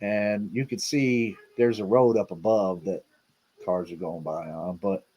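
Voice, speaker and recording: A man's voice: low voice, fairly even intonation, unhurried, a little mellow, highs cut off. A middle-aged man hosting a casual livestream, rambling and repeating himself with lots of fillers and a laid-back "man" here and there. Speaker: livestream host.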